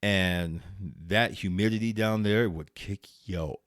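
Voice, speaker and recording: A middle-aged man from Arizona spins a loose, rambling road-trip story for his vlog. His voice sits a little low, and the sound is close and dry with no room around it. He curses casually, laughs at his own jokes and restarts his sentences often. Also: slow, fairly bright tone, smooth, no room sound. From Arizona, USA. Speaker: vlog host.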